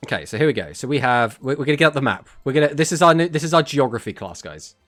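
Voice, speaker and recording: Chatty English man with a lively voice. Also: mid-range voice, very fast, faint music behind. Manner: chatty and joking, reads chat messages aloud and answers them. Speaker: tournament caster and streamer. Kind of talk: casual live-stream chat.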